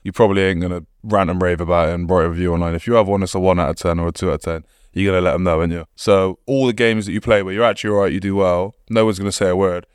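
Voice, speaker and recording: A young man with a low voice talks fast and bluntly as a podcast guest. He swears freely and keeps breaking into laughs. The recording is dry and close. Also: fairly even intonation, clear, resonant tone, dry recording. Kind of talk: casual chat.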